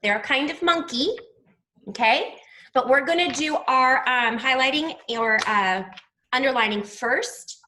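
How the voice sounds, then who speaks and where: Slow, bright-voiced woman teaching young children. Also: high-pitched, slight background noise. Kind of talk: online class lesson.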